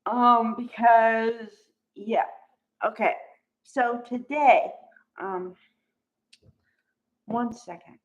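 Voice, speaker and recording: Woman, high voice, unhurried; casual soap recap, exasperated commentary, dull recording. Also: steady tone. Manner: chatty, exasperated, acts out quotes. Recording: dull lo-fi audio.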